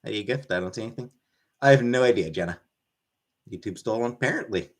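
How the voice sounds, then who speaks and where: A man's voice: medium pitch, expressive, fast talker. A man hosts a laid-back livestream from his home, reading out chat messages and thanking viewers one by one. His voice swings up and down a lot as he talks, and he rambles loosely from one comment to the next. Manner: rambling, thanks chatters by name, baby-talks to his pet. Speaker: livestream host.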